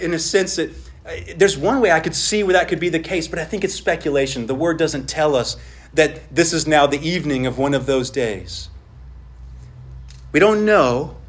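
A man with a high voice preaching a sermon as pastor. He speaks earnestly, climbing high when he voices pleading prayers and sinking quiet and low for asides. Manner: earnest preaching, voice rising on quoted pleas and dropping low on asides.

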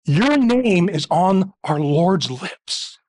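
High-voiced male pastor preaching emphatically. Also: animated, drawn-out words, a little mellow. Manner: emphatic, building repetition. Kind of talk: sermon.

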